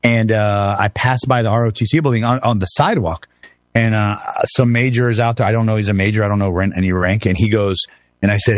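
A man's voice: on the low side, quick pace, no room sound, clean studio sound. A man in his fifties, a former army officer as guest, telling stories casually and acting out quoted voices with big swings in his voice. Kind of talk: casual storytelling in a conversation.

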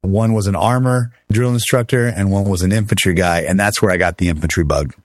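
A middle-aged man telling his army stories as an interview guest, animated, acting out the voices he quotes and laughing often. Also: sits low, brisk, no room sound, studio quality. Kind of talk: casual storytelling interview.

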